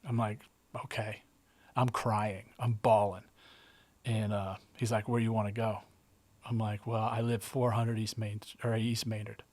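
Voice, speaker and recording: A man's voice: on the low side, level tone, normal speed, darkish tone. Man guest, casual storyteller, present-tense and blunt, trips over his words. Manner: vivid present-tense retelling, swears, frequent restarts. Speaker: guest artist.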